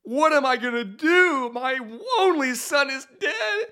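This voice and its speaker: A man's voice: very animated, slow, full character voice. A man putting on a pleading grieving mother. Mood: distraught. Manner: high pleading voice.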